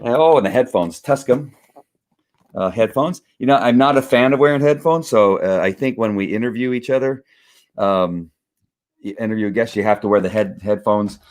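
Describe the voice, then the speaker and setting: A man talks through an unboxing in his home studio, his voice sitting a bit low. He rambles easily, full of fillers and restarts, and sounds a little winded from lifting the heavy box. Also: moderate pace, darkish tone. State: out of breath. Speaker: vlogger unboxing a gift. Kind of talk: casual live-stream unboxing.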